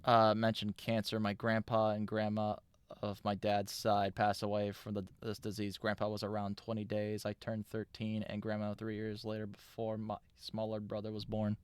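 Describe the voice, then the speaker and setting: A man's voice: fairly low pitch, completely flat delivery, moderate pace, clean tone, dry recording. A man in his thirties hosting a live stream, chatting loosely and reacting with profane asides. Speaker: streamer host.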